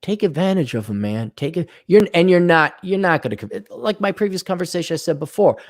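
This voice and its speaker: A high-pitched, brisk-talking man hosts a podcast, ranting on his own with sarcasm and plenty of swearing. He stays animated, putting on mocking voices for quotes and dropping scornful asides.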